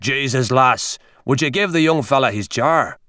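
A man voicing a gruff, burly older country doctor who growls and blusters, in an audiobook reading. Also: mid-range voice, moderate pace, pushed and bright, no room sound, studio quality, lightly acted.

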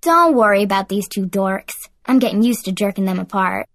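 A woman's voice: on the high side, moderate pace, husky, dry recording, studio quality. A woman reading an audiobook, voicing a cheerful teenage girl with a twang who talks in a reassuring way. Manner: warm, reassuring. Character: friendly cheerful teen girl, best friend.

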